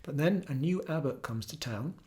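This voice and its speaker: A man, a yoga teacher, giving an earnest, reflective talk with gentle storytelling. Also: fairly high pitch, animated, normal speed. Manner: earnest, storytelling, breaks into soft singing.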